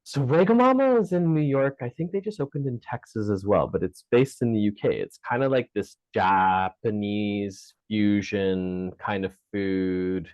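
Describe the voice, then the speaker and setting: A man's voice: fairly low pitch, unhurried, few pauses, darkish tone, no echo, lo-fi sound. A man from Canada who works as a voice coach, guesting on a podcast and chatting in an easygoing way. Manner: easygoing, laughs often. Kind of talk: casual interview chat.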